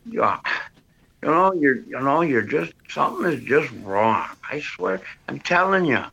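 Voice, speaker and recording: A man's voice: a little high, big pitch swings, measured pace, creaky, pushed and bright, slightly rough. An older man, a priest calling into a radio show, chatting and teasing in a folksy way. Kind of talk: casual phone chat.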